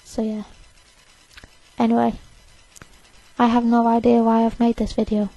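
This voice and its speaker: A woman's voice: on the high side, monotone, a little slow, creaky, dark tone, dry recording, rough recording. An eighteen-year-old woman, overtired, rambling defiantly and self-consciously in a casual to-camera rant. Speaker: vlogger.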